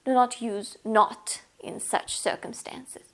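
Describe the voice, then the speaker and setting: Woman, native Russian speaker, grammar teacher, slow deliberate delivery, slightly high voice. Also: fairly even intonation, fairly bright tone, in a whisper. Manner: careful, deliberate, reads out example sentences. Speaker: language teacher. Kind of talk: slow explanatory grammar lesson.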